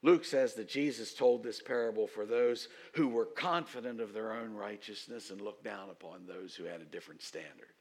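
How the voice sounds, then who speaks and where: A man preaching a sermon as pastor, telling stories and rising to loud, emphatic outbursts. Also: fairly low pitch, normal speed, few pauses.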